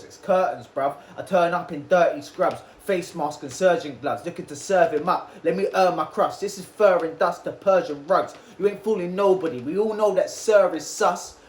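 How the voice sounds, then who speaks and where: Thirties, London Cockney, high voice, mocking battle-rap trash talk, echoey room. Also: male voice. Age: 30s. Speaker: battle rapper. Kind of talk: a cappella rap battle verses. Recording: roomy echo.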